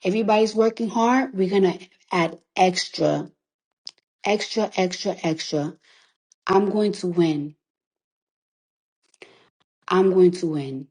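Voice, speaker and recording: A woman's voice: lowish voice, takes it slowly, pauses often, darkish tone. A woman recording artist talking through tears on a phone livestream, emphatic and defiant, swearing freely and repeating lines to drive them home. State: tearful. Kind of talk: emotional livestream monologue.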